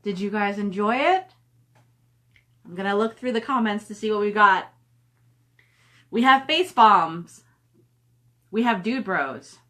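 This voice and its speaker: A woman's voice: mid-range voice, a little slow, long pauses, a bit bright. A middle-aged woman chatting casually on a live stream from home, reading viewer comments aloud and cooing at her dog. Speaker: author hosting a live stream.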